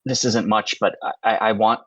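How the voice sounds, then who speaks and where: A man voicing a weary, grateful father who speaks softly and haltingly. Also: fairly low pitch, fairly even intonation, dry recording. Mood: tender. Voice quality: soft, halting.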